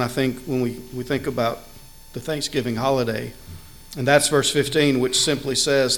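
A man's voice: mid-range voice, low-quality recording. A man preaching a sermon earnestly, stressing key words and building emphasis, with occasional fillers and restarts. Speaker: pastor.

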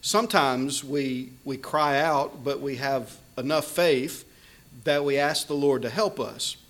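A man's voice: mid-range voice, fairly bright tone. Man preaching in a conversational teaching tone. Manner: conversational teaching with frequent fillers and restarts. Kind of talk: sermon.

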